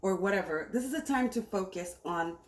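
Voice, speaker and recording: A woman's voice: mid-range voice, expressive, fairly quick. A woman giving a casual, enthusiastic tarot reading to camera, repeating herself as she talks. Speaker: tarot reader. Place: home room, cooking on stove nearby. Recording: echoey room with faint noise.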